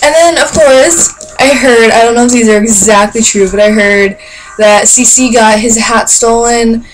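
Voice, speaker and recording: A woman's voice: on the high side, moderate pace, music in the background, rough recording. Heated, swearing teenage girl ranting. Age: teens. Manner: heated, swearing, rhetorical questions. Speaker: vlogger. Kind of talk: casual vlog rant.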